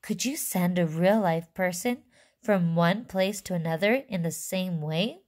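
A woman voicing a bratty, television-obsessed young boy who shouts eagerly in a read-aloud storybook. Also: on the low side, measured pace, close to an everyday voice. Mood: eager questioning.

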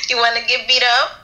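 A woman's voice: on the high side, sharp tone, poor audio. A woman chatting with a stranger on video, giggly and teasing. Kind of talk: casual chat.

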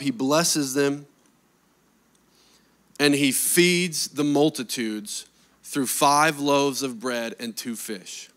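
A man preaching a sermon in an animated way, firing off rhetorical questions to the congregation. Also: fairly high pitch. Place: church service.

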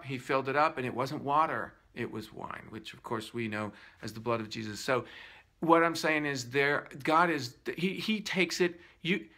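A man's voice: mid-range voice, bright, forceful tone. A man teaching guided breathing in an earnest, emphatic and faith-filled way. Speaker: wellness teacher.

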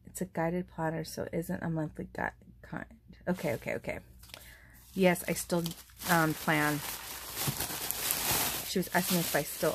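A woman's voice: lowish voice, a little slow, long pauses. A young woman vlogging as she opens craft gifts, gushing and full of fillers, moved to happy tears. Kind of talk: casual unboxing chat. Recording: steady background noise.

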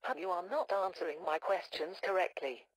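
A synthetic woman's text-to-speech voice giving chatbot replies in a flat, machine-like delivery. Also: fairly low pitch, brisk, poor audio. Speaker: chatbot avatar voice.

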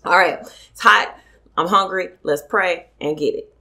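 A woman's voice: lowish voice, a little slow, vocal fry. A young woman, chatting casually and expressively as a mukbang vlogger while she eats. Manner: animated, expressive, joking asides. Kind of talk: casual chat while eating.

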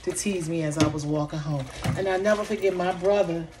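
A middle-aged woman vlogger vents emotionally at a quick pace, impassioned and repeating herself. When she recalls being hurt, her voice drops soft and low, with faint background noise in the recording.

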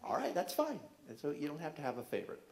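Singing and asking kids playful questions, a man gives a children's concert with guitar in a library room. His fairly high voice is fast with vocal fry and huge pitch swings, heard over loud acoustic guitar, echo and background noise.

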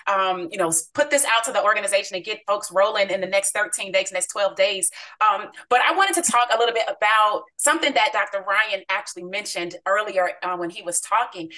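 A woman's voice: medium pitch, bright, forceful tone, far from the mic, low-quality recording. A woman giving a motivational talk to her team on a group call, in an upbeat coaching tone that keeps checking in with the listeners.

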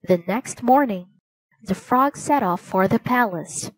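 A woman reading a storybook aloud, slowly and clearly. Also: mid-range voice, animated, dry recording, poor audio.

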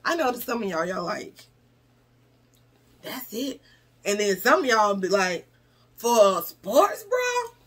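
Husky-voiced young woman, stuffy nose, chatty slangy vlogger talking to camera. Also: mid-range voice, animated, unhurried, long pauses, fairly bright tone. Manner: chatty and playful, slangy asides to viewers. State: nasal, stuffy. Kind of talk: casual chat to viewers.

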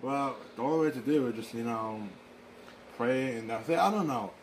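A man improvising a fan drama, talking in a rambling, halting way with excitable exclamations. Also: mid-range voice, slight background noise, low-quality recording. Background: music.

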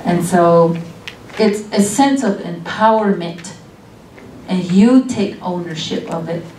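A middle-aged woman giving a college guest lecture on weaving, speaking earnestly and reflectively with pauses. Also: fairly low pitch, a little mellow. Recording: echoey room, distant mic, faint noise.

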